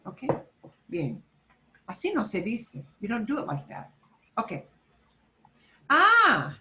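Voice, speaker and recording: Slow, lively woman teaching Spanish. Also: fairly high pitch. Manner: patient, explains step by step, mixes Spanish into English. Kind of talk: beginner language lesson.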